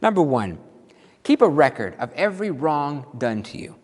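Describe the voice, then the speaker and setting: A man preaching a sermon as minister, playful and animated, drawing out his exclamations slowly for effect. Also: a little high. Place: church sanctuary. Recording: long hall reverb.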